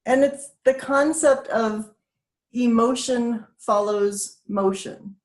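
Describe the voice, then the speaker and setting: A woman's voice: on the high side, takes it slowly, darkish tone. A woman speaker guiding a laughter exercise, upbeat, breaking into laughter and cheers. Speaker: self-care speaker.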